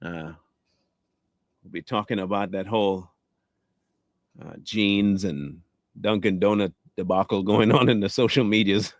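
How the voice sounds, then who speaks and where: A man's voice: fairly low pitch, fairly even intonation, a little slow, pauses often, dry recording, studio quality. A man hosting a casual live show, rambling and repeating himself as he chats with viewers. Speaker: host. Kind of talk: casual livestream sign-off chat.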